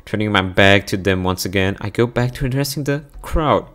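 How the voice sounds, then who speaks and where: A man reading a visual novel aloud as its narrator, in a brisk first-person voice that sometimes breaks off at his own slips. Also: lowish voice, a bit bright.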